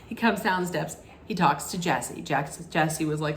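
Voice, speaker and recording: In an echoey room with faint background noise, a woman casually recaps a reality TV episode. Her voice is fairly low and slow, and she chats along, often restarting sentences and acting out what people said in lively quotes.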